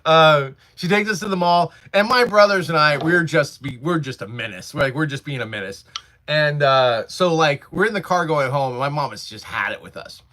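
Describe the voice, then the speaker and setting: A man's voice: fairly high pitch, expressive, moderate pace, pushed and bright. A man in his forties hosting a casual livestream from his workshop, rambling through stories and laughing often while answering chat. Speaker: livestream host.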